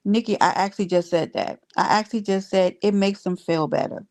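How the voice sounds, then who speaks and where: A woman's voice: mid-range voice, a little fast, hardly any pauses, a little mellow. A woman hosting a casual livestream, talking bluntly to her viewers with exasperation and free cursing. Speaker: livestream host reading chat.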